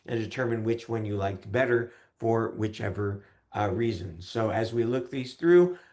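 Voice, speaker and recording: A man teaching an online class in a chatty way, often pausing with fillers. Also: lowish voice, darkish tone. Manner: chatty, with many fillers and hesitations.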